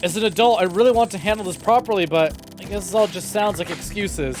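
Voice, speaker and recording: A man's voice: high-pitched, fast, soft background music, voice pushed up, close to an everyday voice. A man voicing an earnest young man who apologizes hesitantly over the phone. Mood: apologetic.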